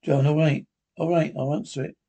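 A man's voice: fairly high pitch, steady tone, fairly quick, dark tone, husky. A man reading the part of a nervous, secretive husband who keeps repeating himself anxiously. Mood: tense.

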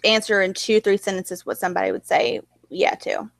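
A woman's voice: mid-range voice, sing-song, brisk, creaky, no room sound. Chatty woman, dry close sound. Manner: rambling, many fillers like "like" and "you know". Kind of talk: casual chat.

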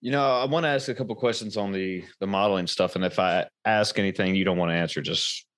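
Easygoing male interviewer, low register, casual. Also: fast talker, a bit bright.

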